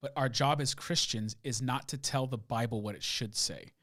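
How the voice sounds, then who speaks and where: A man co-hosting a casual Bible discussion, emphatic and getting loud when he mimics someone. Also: medium pitch, moderate pace.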